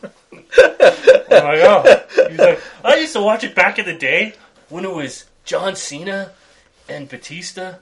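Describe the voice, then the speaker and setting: A man co-hosting a casual wrestling podcast, an animated storyteller who acts out voices, swears and laughs often. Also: sits high, normal speed. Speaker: podcast co-host.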